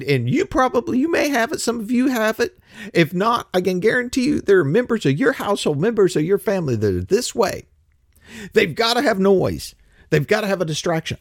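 A grumpy older man holds forth in a ranting monologue, mimicking other people as he complains. His voice sits high and rough, swinging widely in pitch. The sound is close and dry. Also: dry recording. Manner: grumpy, blunt, swears, acts out other voices.

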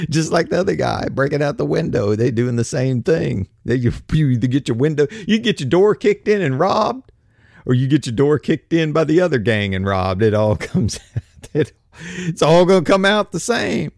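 Lively, ranting man hosting a podcast. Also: fairly high pitch, normal speed, creaky, dry recording, studio quality. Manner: colloquial, animated ranting with slang. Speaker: podcast host. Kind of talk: casual ranting commentary.

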